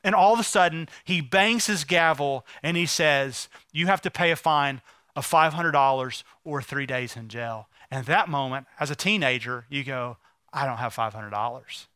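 Bright, high-voiced storytelling preacher. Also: male voice, moderate pace, clear, resonant tone, no room sound, clean studio sound. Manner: storytelling preacher, drops to hushed soft tones for emotional moments. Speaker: pastor. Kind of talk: sermon.

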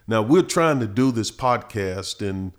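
A middle-aged man, a pastor teaching Bible verses on a podcast, who gets louder and higher when he reads scripture. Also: lively intonation, measured pace. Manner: preachy, rises in pitch and force reading scripture.

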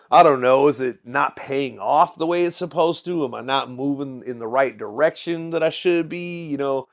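A man, a musician talking casually in an interview, swearing freely and telling stories with animated swings. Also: mid-range voice, normal speed, hardly any pauses. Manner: profane, animated storytelling with frequent "you know what I'm saying". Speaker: musician guest.

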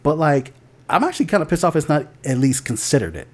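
A man's voice: fairly high pitch, big pitch swings, fast talker, darkish tone. Opinionated man swearing casually. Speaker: podcast co-host. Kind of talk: casual podcast chat.

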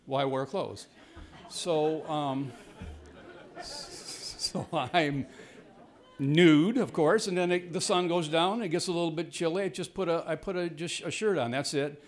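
A man telling a rambling, self-deprecating personal story to a live audience, his voice jumping high when the story turns tense. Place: jungle home on a tropical mountain.

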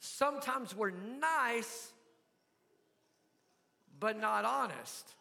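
A man's voice: sits high, extremely slow, creaky, sharp tone, big-room sound. An older man with a Southern US accent preaching a sermon, folksy and asking the congregation questions. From American South. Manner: folksy, asks the crowd questions. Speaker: pastor.

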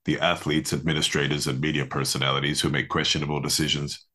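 A man putting on a deep, drawn-out voice as a solemn male crime-show announcer. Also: flat delivery, pushed and bright, heavily acted.

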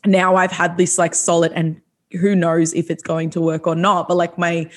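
A woman's voice: on the low side, flat delivery, moderate pace. A woman hosting a podcast, talking in a blunt, emphatic way, swearing freely and saying "like" often. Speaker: podcast host. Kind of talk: casual chat.

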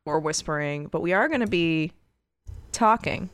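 A woman co-hosting a podcast in casual chat, talking loudly and animatedly and laughing often. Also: low voice, animated, moderate pace. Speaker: podcast co-host.

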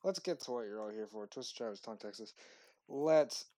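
A man's voice: medium pitch, animated, fairly quick, dark tone, no echo. A man co-hosting a casual podcast, bantering in an easygoing, playful way. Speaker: podcast co-host. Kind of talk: casual chat.

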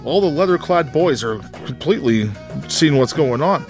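A man's voice: on the high side, expressive, moderate pace, faint music behind. Laughing man narrating a crude parody. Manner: crude ad-libs, frequent laughter, stumbles over words. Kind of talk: comedic script narration.

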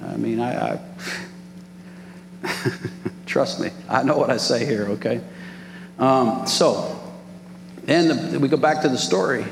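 A man, preaching an animated sermon as pastor and calling out to the congregation. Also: medium pitch, slow pace, gravelly, pauses often. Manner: animated preaching with crowd call-outs. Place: large church hall. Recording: echoey hall with background noise.

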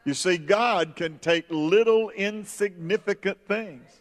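A man preaching a sermon, slow and emphatic, rising high when stirred. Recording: long hall reverb.

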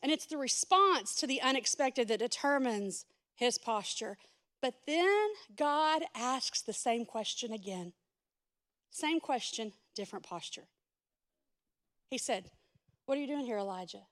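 High-voiced woman pastor preaching. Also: animated, a little slow. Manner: swings from loud urgent preaching to soft hushed speech; addresses the congregation directly with asides. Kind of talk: sermon.

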